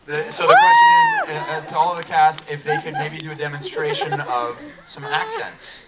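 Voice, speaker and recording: A brisk, upbeat moderator runs an audience Q&A from a festival stage and repeats each question for the room. The voice swoops widely in pitch. It is caught from far back in a big hall, with a crowd all around. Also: huge pitch swings, very noisy. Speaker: panel moderator. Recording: distant mic, loud crowd.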